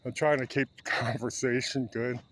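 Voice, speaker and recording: A man's voice: mid-range voice, steady tone, moderate pace, fairly bright tone, a little hiss or hum. A man in his seventies chatting casually while walking a park trail, rambling as he goes. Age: 70s. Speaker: vlogger.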